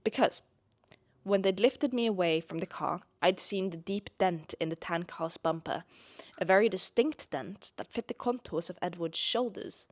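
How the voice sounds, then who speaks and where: A woman's voice: on the low side, normal speed. A young woman reading a novel aloud on her own show. She keeps stopping to add chatty, sarcastic commentary, with casual swearing thrown in.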